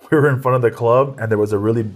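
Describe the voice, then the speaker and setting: A male comedian talking in a loose, rambling way, stopping and restarting his sentences and breaking into laughter often. His voice sits at an ordinary middle pitch. It sounds like a relaxed sit-down interview. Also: fast talker. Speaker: comedian guest. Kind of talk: casual interview chat.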